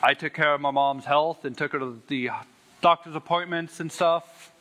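Earnest man telling a testimony, bright. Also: a little high, steady tone, moderate pace. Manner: earnest, emphatic, repeats key words. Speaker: Christian sharing a testimony. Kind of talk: personal testimony storytelling.

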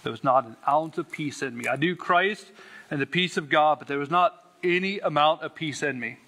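A man's voice: a little high, moderate pace, pushed and bright. A man earnestly telling his personal faith testimony, stressing words and repeating them for weight. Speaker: Christian sharing a testimony.

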